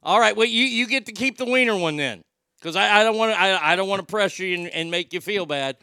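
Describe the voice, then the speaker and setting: A man's voice: high-pitched, quick pace, bright, forceful tone, clear, resonant tone, no room sound, studio quality. A man from Oklahoma hosting a livestream, reading out viewer comments with jokes and banter. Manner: bantering, joking, reads comments aloud. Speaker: livestream host.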